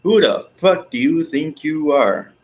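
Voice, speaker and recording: A man's voice: a little high, expressive, slow pace, pitched above the performer's own voice, low-quality recording. A man putting on a menacing male pro wrestler who talks in a threatening, dismissive way.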